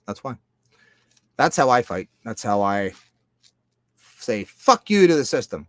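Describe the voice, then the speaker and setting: A man's voice: expressive, unhurried, no echo. Swearing man rambling, dry close sound. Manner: profane, rambling, emphatic; swings between loud outbursts and low mutters. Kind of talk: casual monologue.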